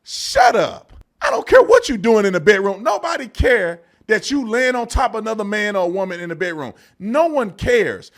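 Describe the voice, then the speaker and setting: A man's voice: sits high, sing-song, normal speed, hardly any pauses, a bit bright. A man giving a combative, scornful political rant as a commentator, talking straight to his viewers. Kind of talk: ranting commentary.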